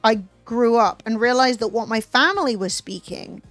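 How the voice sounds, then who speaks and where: A young woman chatting casually with her livestream viewers, animated and swearing freely. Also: on the high side, normal speed, no echo, faint music behind. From Southern Italian family. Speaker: streamer.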